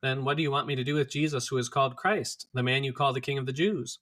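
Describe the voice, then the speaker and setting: A man's voice: medium pitch, fast talker, a bit bright, close to an everyday voice. A man voicing an uneasy Roman governor who reasons and pleads with a hostile crowd. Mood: pleading.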